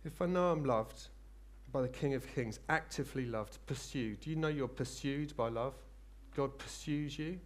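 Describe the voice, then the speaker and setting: A man preaching a sermon, earnest and rambling, rising into fervent excitement. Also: mid-range voice, moderate pace.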